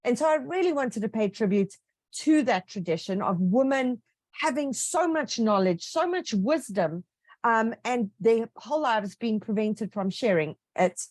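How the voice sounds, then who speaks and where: A woman author talks about her writing in an eager, storytelling way, full of asides. Her voice sits a little higher than most women's. The sound is close and dry, with almost no room around it. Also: unhurried, dry recording. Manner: lively, enthusiastic storytelling with asides. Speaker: author being interviewed. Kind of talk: casual interview answers.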